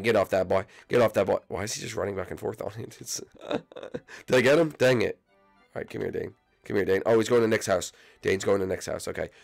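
A young man giving excited, repetitive game commentary, jumping to squeaky shouts now and then. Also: vocal fry. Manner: hyped, repeats phrases, jumps to squeaky shouts. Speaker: gaming YouTuber.

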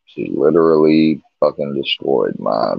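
A man's voice: rumbling low, animated, unhurried, gravelly, breathy edge, no echo. A man casually telling a long personal story about his marriage, rambling and candid, full of restarts and quoted back-and-forth. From Missouri. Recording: dull lo-fi stream audio.

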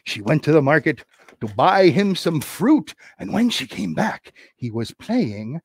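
A playful man chatting his way through a livestreamed puppet show, humming and singing little asides as he works. His voice rises and falls in a lively way, and the sound is close and dry with little room echo. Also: on the high side, a little slow, creaky, breathy edge. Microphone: camera on a desk.

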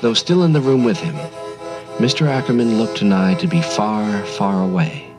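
A man narrating a storybook radio drama in a gentle, measured way. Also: lowish voice, expressive, slightly rough, faint music behind, poor audio.

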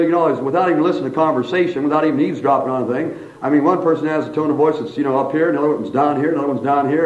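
Man preaching, folksy and animated, fairly high voice, dull lo-fi recording. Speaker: pastor. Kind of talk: sermon.

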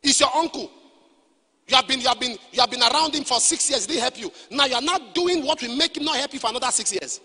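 A man preaching a sermon, acting out quotes and rising into shouts. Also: very high voice, lively intonation, quick pace, slightly rough. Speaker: pastor. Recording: long hall reverb.

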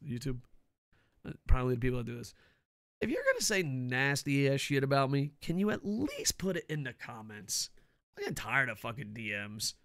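Cranky, profane man ranting, bright voice. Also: medium pitch, very animated, moderate pace, vocal fry, no echo, studio quality. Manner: loud, cranky, swears constantly. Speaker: wrestling commentary vlogger.

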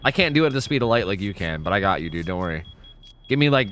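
Racing along in a fairly low voice against a noisy background, a streamer chats casually over his gameplay. He's excitable and jokey and swears heavily.

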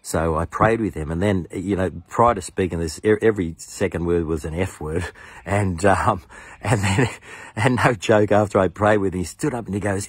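A middle-aged pastor with a very low, husky voice tells his testimony with earnest enthusiasm. He brings other people's lines to life in his own voice. The sound is dry and close, with no room echo. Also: moderate pace. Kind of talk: personal testimony storytelling.

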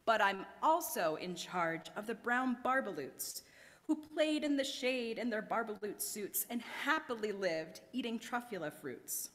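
A woman putting on a grumpy little male forest creature from a storybook, scolding and indignant, with a voice that leaps up and down. It moves at an unhurried pace and rings out in a long church reverb. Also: fairly high pitch, animated, a bit bright.

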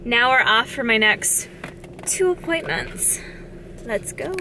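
A woman's voice: fairly high pitch, lively intonation, takes it slowly, heavy background noise. A woman in her twenties, a fitness vlogger talking casually to a handheld camera as she runs errands, chatty and upbeat, saying "like" often. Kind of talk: casual vlog chat. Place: out and about: car, gym, home.

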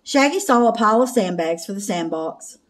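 A woman reading a children's picture book aloud in slow, clear narration. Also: mid-range voice, expressive. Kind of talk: storybook read-aloud.

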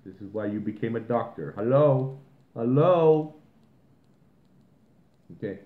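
A man's voice: fairly low pitch, fairly even intonation, quick pace. A man co-hosting a podcast, ranting in a heated, profane way and mocking the people he quotes. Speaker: podcast co-host. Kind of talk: ranting casual podcast talk. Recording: tinny phone-like line in an echoey room.

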